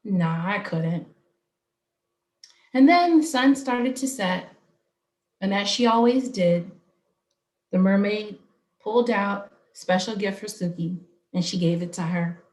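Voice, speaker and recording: A woman from Arizona tells a story at an unhurried, deliberate pace, her voice in a middle range. Her telling is expressive and rhythmic, building the scene line by line. The room gives a noticeable echo. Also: medium pitch. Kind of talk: live storytelling. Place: home, online stream.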